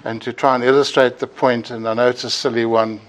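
A man's voice: mid-range voice, level tone, fairly quick, low-quality recording. A man preaching a sermon in a church, earnest and emphatic, sometimes repeating words as he builds a point.

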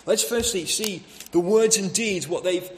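Male preacher, high-pitched tenor, expository sermon delivery, rhetorical questions, echoey church room. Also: a little slow, a little hiss or hum. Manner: expository, rhetorical questions, acts out voices of townspeople.

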